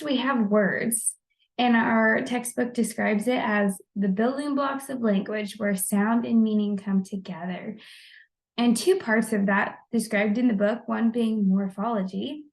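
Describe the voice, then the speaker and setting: A young adult woman presenting a class discussion post, explaining the basics of language in a friendly, steady way. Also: mid-range voice, poor audio. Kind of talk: informal lesson on the basics of language.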